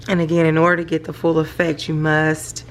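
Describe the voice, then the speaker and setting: A middle-aged woman, chatting casually about her hobby at home at night and gushing with excitement. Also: deep voice, fairly quick, slight background noise. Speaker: planner vlogger. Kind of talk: casual show-and-tell vlog.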